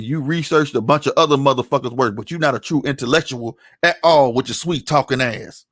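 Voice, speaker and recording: A man's voice: mid-range voice, fairly quick, few pauses, fairly bright tone, no room sound, clean studio sound. A man giving a heated commentary rant, angry and profane, often tossing in "you know what I'm saying". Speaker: online commentator.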